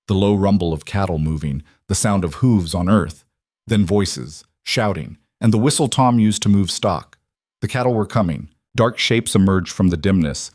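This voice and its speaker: A man narrating a western story in a measured, dramatic storytelling manner. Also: on the low side, a little mellow, no room sound, studio quality. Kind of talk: scripted audiobook narration.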